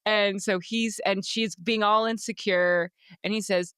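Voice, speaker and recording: A woman's voice: medium pitch, steady tone, measured pace, fairly bright tone, clean tone, dry recording, clean studio sound. A woman co-hosting a casual book podcast, talking animatedly, swearing freely and acting out characters' lines. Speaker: podcast co-host.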